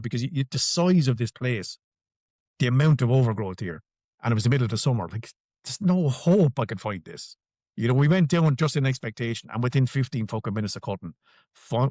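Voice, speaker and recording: Irish male podcast guest, emphatic and salty, dry close sound, mid-pitched. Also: darkish tone, no room sound. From Ireland. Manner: emphatic, swears freely, repeats phrases for stress. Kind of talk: conversational interview answers.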